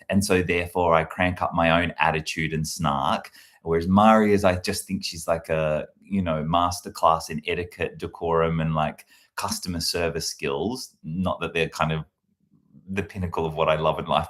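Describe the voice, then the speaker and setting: Deep-voiced man musing aloud. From Australia. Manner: rambling and reflective, with many fillers and restarts. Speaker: comedy content creator. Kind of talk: casual talk to camera.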